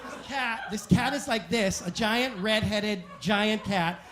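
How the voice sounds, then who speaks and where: High-voiced man doing stand-up. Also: noisy background. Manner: animated, self-mocking anecdotes with quick asides. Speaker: stand-up comedian. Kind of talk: stand-up storytelling. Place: live comedy club stage.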